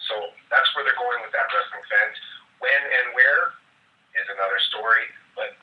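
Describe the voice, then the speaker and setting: A man's voice: mid-range voice, normal speed, reverberant, recorded from a distance, muffled recording. A man giving opinionated, rambling answers in a casual podcast interview, with many uhs. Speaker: podcast guest.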